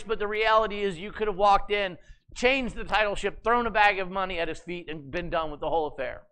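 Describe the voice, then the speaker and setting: A male pastor preaching a sermon, telling a story in an animated, conversational way with humorous asides. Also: sits high, brisk, smooth.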